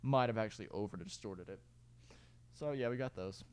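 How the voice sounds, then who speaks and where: A man's voice: lowish voice, a little fast. A young man walking through his own music project as a casual tutorial, rambling and correcting himself, sometimes singing out rhythms. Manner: rambling, self-correcting, fillers and sung beat sounds. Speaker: music producer giving a tutorial. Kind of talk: casual screen-recorded tutorial. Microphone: clip-on mic.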